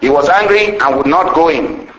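A man preaching a sermon, retelling a parable with lively storytelling and a habit of asking "see?" after each point. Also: on the high side, moderate pace. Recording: roomy echo.

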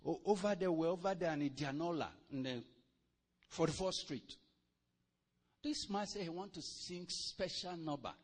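High-voiced preacher with big swings. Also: male voice, normal speed. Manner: animated, swings from quiet to loud and laughing. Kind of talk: sermon.

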